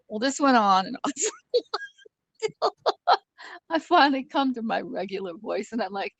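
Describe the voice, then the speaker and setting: A woman telling a story in casual chat on a live stream, animated and laughing often as she goes. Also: fairly high pitch, measured pace, creaky, long pauses, breathy edge, no echo, poor audio.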